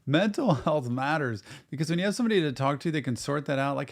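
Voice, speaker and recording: A middle-aged therapist who hosts a music reaction show speaks in a fairly high, expressive voice, racing along with few pauses. Earnest and encouraging, he addresses viewers directly and says "y'all" in casual reaction-stream commentary.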